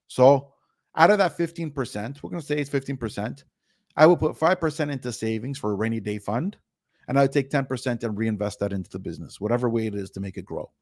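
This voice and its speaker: A man's voice: mid-range voice, expressive, a little fast, dry recording, studio quality. A man guest on an interview podcast, giving blunt, down-to-earth money advice with the odd swear word. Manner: blunt, down-to-earth, mildly profane.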